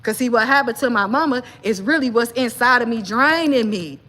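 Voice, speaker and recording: A woman with a somewhat high voice delivers an emphatic personal monologue to her viewers. She keeps addressing them directly and pushes hard on every point. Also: animated, a little fast. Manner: emphatic, talks straight to viewers as y'all; grows agitated and loud, pitch climbing. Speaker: vlogger.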